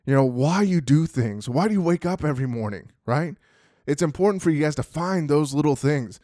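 A man's voice: on the high side, a little mellow, no room sound, studio quality. Casual, filler-heavy motivational man. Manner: conversational, heavy use of "you know" fillers. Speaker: sales team leader.

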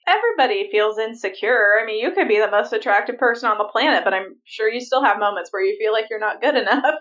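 A woman's voice: a little high, fast, far from the mic, dull audio. A woman co-hosting a podcast, chatting casually and giggling often. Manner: giggly, relaxed commentary. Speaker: podcast co-host. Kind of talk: casual chat.

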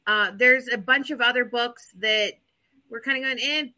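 Bright-voiced chatty woman. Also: on the high side, fairly even intonation, moderate pace. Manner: chatty, rambling with fillers. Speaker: podcast co-host. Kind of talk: casual chat.

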